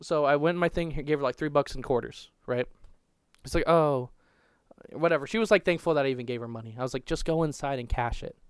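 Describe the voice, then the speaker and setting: A young man with a clean, slightly high voice talks fast with no echo as he tells a crude, rambling story on a casual podcast. He swears constantly and keeps restarting his sentences.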